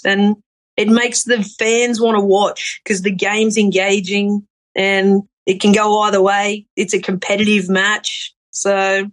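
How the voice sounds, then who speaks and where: A woman's voice: on the high side, fairly bright tone. Upbeat woman cricketer. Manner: upbeat, chatty, with self-corrections. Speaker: cricketer, interview guest. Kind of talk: casual interview answers.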